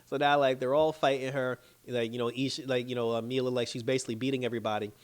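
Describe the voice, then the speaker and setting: Guy recapping a show episode, mid pitch, super casual, slangy, says like a lot, laughs a bunch. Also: level tone, quick pace, clean tone. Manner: loose, chatty retelling full of "like" and "you know"; slangy and playful, laughing often. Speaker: TV show reviewer.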